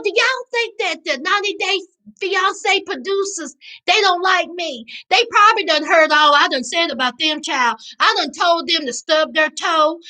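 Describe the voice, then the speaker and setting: A woman with a Southern US accent hosting a casual live recap, reading chat aloud and riffing in a sassy, animated way. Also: very high voice, poor audio. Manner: sassy, animated, calls viewers child and honey. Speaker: livestream host reading chat.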